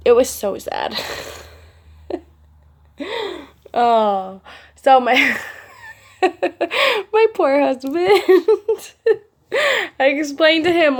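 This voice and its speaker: A young adult woman talking to camera in a casual, rambling vlog, chatty and giggly as she drifts between topics. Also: a little high. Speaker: vlogger.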